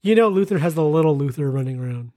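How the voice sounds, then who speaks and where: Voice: mid-range voice, animated, quick pace, warm tone, dry recording, studio quality. A podcast co-host in casual chat about films, easygoing, with wry asides.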